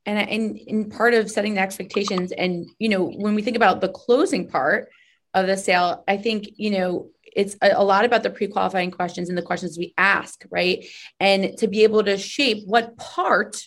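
A woman podcast co-host offering advice in a measured, conversational way. Her voice sits at a middle pitch, and she fills her pauses with casual fillers as she thinks aloud. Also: steady tone. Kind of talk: casual chat.

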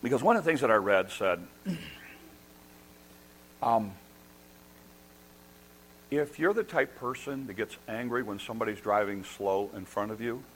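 A middle-aged man preaching a sermon as a pastor, telling a story with animated, self-deprecating humor and excited restarts. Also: mid-range voice, measured pace, long pauses, slight background noise, rough recording. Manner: restarts and repeats words when excited.

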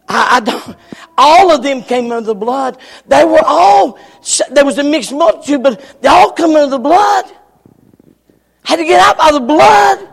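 A man preaching a sermon with passion, repeating his phrases and breaking into shouts. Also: very high voice, lively intonation, moderate pace, gravelly. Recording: long reverb of a large hall.

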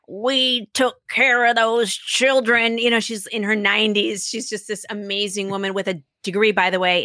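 A woman's voice: mid-range voice, a bit bright, no echo. Enthusiastic woman, dry close sound. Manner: enthusiastic storyteller, laughs often, acts out quotes. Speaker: podcast creator, guest. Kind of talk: casual interview chat.

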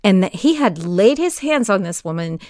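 An older woman interviewing a guest, asking questions and telling a vivid story in an animated way. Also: mid-range voice, normal speed, dry recording, studio quality. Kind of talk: conversational interview.

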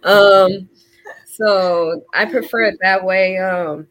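A woman guest who runs a legal support business, explaining her services deliberately with frequent "um" pauses. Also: mid-range voice, fairly even intonation, a bit bright. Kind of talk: casual interview answers.

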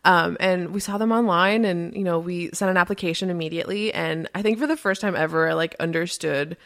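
A woman hosting a podcast, telling a story in casual chat with lots of fillers and quick laughs. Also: lowish voice, fairly bright tone. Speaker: podcast host.

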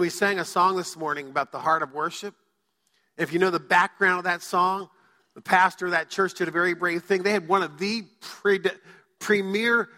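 A man's voice: high voice, pushed and bright. A male pastor preaching a sermon to his church, telling stories and acting out quoted voices. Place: church sanctuary. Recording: church hall reverb.

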